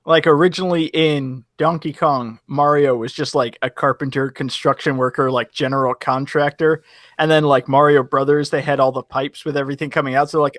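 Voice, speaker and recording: A man's voice: mid-range voice, steady tone, brisk, fairly bright tone, no echo, studio quality. Rambling man defending a movie. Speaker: podcast co-host. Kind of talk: movie commentary chat.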